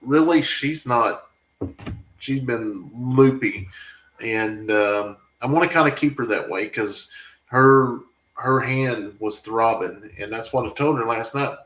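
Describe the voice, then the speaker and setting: A man's voice: mid-range voice, slow pace, fairly bright tone. Farm vlogger, man, emotional and rambling, reading viewer chat in an echoey room. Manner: rambling, emotional, talks back to viewer comments. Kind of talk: casual live-stream chat.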